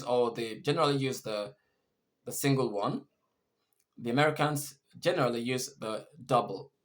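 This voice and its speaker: A man's voice: medium pitch, fairly bright tone. A man teaching English punctuation, patiently repeating and rephrasing each point. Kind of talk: explaining punctuation rules.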